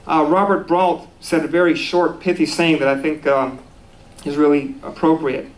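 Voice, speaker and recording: A man's voice: on the high side, steady tone, moderate pace, low-quality recording. A man giving a conversational sermon at a spiritual center, easygoing and self-deprecating, with restarts and small laughs.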